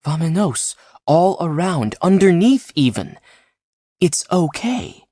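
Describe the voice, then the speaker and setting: A woman plays a calm young man speaking gently to reassure a hurt friend. The voice sits a little higher than her narration. The recording is dry and close. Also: slow, no echo, exaggerated voice. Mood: gentle. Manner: gentle, soothing.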